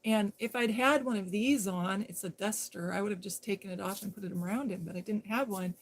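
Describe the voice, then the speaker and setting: A woman live streaming, telling a story casually in a rambling way that drops into hushed whispers. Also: medium pitch, brisk.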